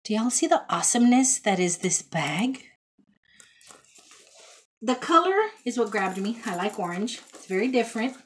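A woman's voice: fairly high pitch, lively intonation, normal speed, long pauses. A woman chatting casually to camera about her thrift finds in a child's bedroom at home, rambling and folksy. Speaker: thrift haul vlogger.

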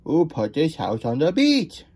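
A man's voice: a little high, wildly swooping pitch, measured pace, a little mellow, slightly rough, voice pushed up, full character voice. A man voicing a stern, bossy beach contest judge in a storybook reading.

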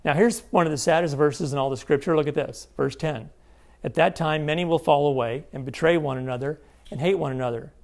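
A man's voice: on the high side, a little fast, creaky, a little mellow. A man giving an emphatic Bible teaching seminar, often checking in with his listeners. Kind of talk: sermon-style seminar teaching.

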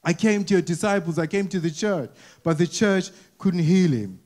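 A man's voice: high-pitched, a little mellow, natural voice. A man preaching in a church, acting out a desperate father who pleads for help for his son. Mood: pleading. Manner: pleading, slow and raised. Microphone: wearing a mic.

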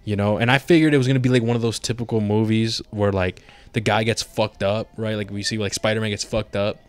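A man's voice: on the low side, steady tone, fast talker, clean tone. A man co-hosting a podcast, chatting casually and profanely about a movie, acting out scenes in put-on voices. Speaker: podcast co-host. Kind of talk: casual movie review chat.

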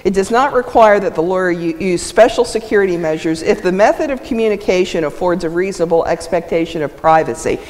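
A woman presenting a legal ethics lecture at a symposium, lively and emphatic, laughing often. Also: on the low side. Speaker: conference speaker on legal ethics. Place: lecture hall. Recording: reverberant hall sound.

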